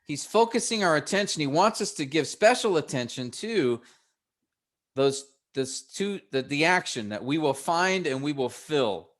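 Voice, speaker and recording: A man teaching a workshop for pastors, explaining a text step by step in an unhurried way with frequent restarts. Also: fairly high pitch, lively intonation, fairly bright tone. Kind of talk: relaxed classroom teaching.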